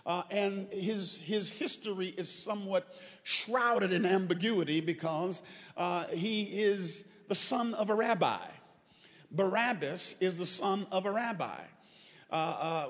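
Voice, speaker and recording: Male preacher, high and animated, joking asides into shouted fervor, reverberant church. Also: unhurried. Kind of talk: sermon. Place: church sanctuary.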